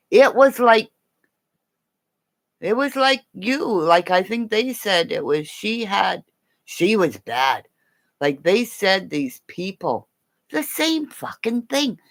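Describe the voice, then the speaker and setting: A middle-aged woman hosting a casual livestream, chatty and playful, laughing often. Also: lowish voice. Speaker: livestream host.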